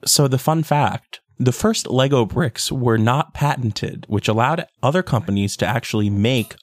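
A man hosting a casual trivia podcast, chatty and quick to laugh as he reads out questions. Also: mid-range voice, dry recording. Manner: chatty, laughs often, fillers like "like". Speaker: trivia quizmaster.

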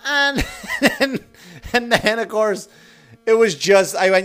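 Man, podcast host, casual monologue, profane, animated, somewhat high voice, mains hum. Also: slow pace, long pauses.

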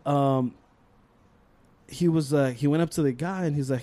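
A man's voice: mid-range voice, normal speed, pauses often. A young man co-hosting a podcast, telling a school story in casual chat, swearing a lot and acting out the voices of the people in it. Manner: animated storytelling, heavy swearing, acts out voices. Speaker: podcast co-host.

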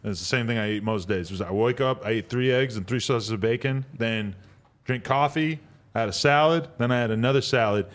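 Relaxed male podcast host. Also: medium pitch, brisk. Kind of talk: casual interview chat.

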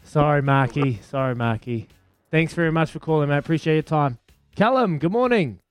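A man's voice: on the high side, animated, moderate pace, smooth, no echo, soft background music. A man with a New Zealand accent hosting a radio call-in quiz, upbeat and bantering as he counts down the answers. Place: radio studio.

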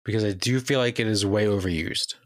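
A man's voice: on the low side, fairly quick, no echo, studio quality. A man co-hosting a casual podcast, easygoing and self-deprecating as he chats. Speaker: podcast co-host. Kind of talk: casual chat.

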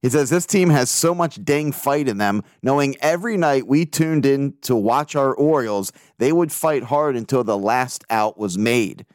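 This is a man talking through his own sports podcast, excitable and quick to swear as he relives big games and reads out emails from listeners. His voice sits at an ordinary middle pitch. The sound is dry and close, with no room around it. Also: dry recording. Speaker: podcast host. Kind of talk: casual podcast monologue.

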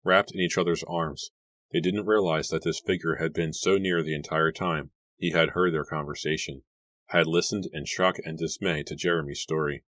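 A man narrating an audiobook in a measured, even reading. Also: rumbling low, no room sound.

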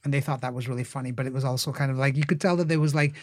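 A man, an actor and writer, casually telling stories as a guest, acting out quotes with lively raised voices. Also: medium pitch, very fast, dry recording, studio quality. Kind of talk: casual storytelling.

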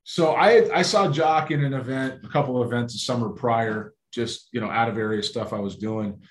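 A man's voice: mid-range voice, moderate pace. A man, a former baseball scout, telling stories in casual chat and acting out the voices of people he talked to. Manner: animated storyteller acting out phone calls. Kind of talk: casual storytelling.

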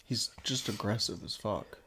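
A man co-hosting a comedy podcast, reading out chat logs in a dry, low-key way. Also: moderate pace, pushed and bright, a little hiss or hum. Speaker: podcast co-host.

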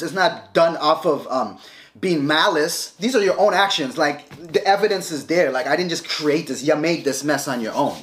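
A man's voice: a little high, lively intonation, a little fast. A man talking straight to a camera, heated and scolding, repeating himself as he confronts his ex-wife. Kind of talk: confrontational casual talk to camera.

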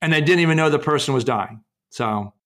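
A man with a fairly high voice talks as an interview guest about his research. He tells case stories in a halting way, with many restarts and fillers, and acts out the people he quotes. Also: animated, a bit bright.

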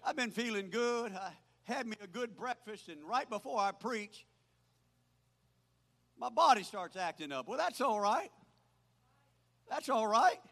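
An older man preaching a sermon as pastor, swinging from loud proclaiming to quiet asides. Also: sits high, animated, measured pace, creaky, long pauses. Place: church. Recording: hall reverb.

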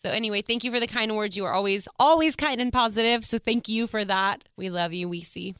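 A woman hosts her own podcast in an effusive, easygoing way and laughs often. Her voice sounds smooth and clear. The close mic keeps the sound dry. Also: mid-range voice, brisk, fairly bright tone, no echo. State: tearful. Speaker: podcast host. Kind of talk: casual solo podcast chat.

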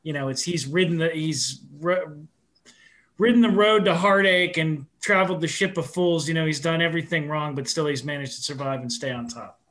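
Man, podcast co-host, bright forward voice, enthusiastic. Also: fairly high pitch, fairly quick. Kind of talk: casual chat.

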